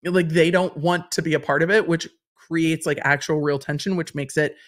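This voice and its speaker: A woman's voice: sits low, steady tone, normal speed. A woman in her forties from Los Angeles hosting a casual livestream, chatting and reading viewer comments, often repeating phrases for effect. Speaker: host and lawyer commentator.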